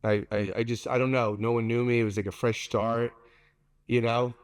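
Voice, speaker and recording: A man's voice: medium pitch, level tone, normal speed, in a large hall. A man being interviewed as a pizza maker, telling his life story in a blunt, candid way with frequent restarts.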